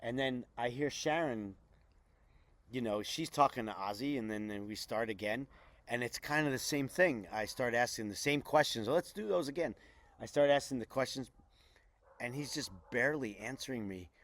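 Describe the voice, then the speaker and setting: A middle-aged man, telling a lively anecdote as an interview guest and acting out the other people's lines. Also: medium pitch, normal speed. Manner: animated anecdote with quoted voices. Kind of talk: casual storytelling.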